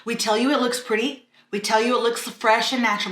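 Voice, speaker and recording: A woman's voice: a little high, fairly even intonation, quick pace, a bit bright, roomy sound. A woman hosting a casual cooking tutorial in her home kitchen, blunt, sarcastic and self-mocking. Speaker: cooking vlog host.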